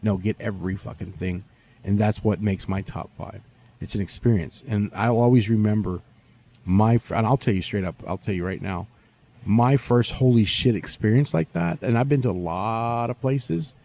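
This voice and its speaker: A man, a barbecue pitmaster telling stories in a profane, animated way during a casual interview. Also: lowish voice, moderate pace, gravelly.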